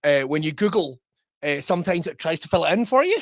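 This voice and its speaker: A middle-aged man hosting a podcast in casual chat, telling lively stories, laughing often and swearing freely. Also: a little high, quick pace, no echo, clean studio sound. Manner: laughing, swearing, animated storyteller. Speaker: podcast host.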